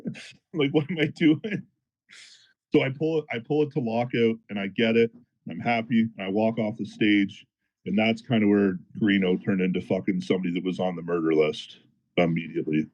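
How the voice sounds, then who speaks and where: A man telling a story in a casual podcast chat, animated and profane, as a powerlifter guest. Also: on the low side, brisk, lo-fi sound. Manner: animated, profane, fired-up retelling.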